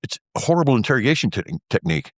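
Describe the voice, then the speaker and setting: A man's voice: medium pitch, very animated, rapid-fire, no room sound, studio quality. A man, an interview guest and former pilot, telling a story in a rambling, wry way full of fillers.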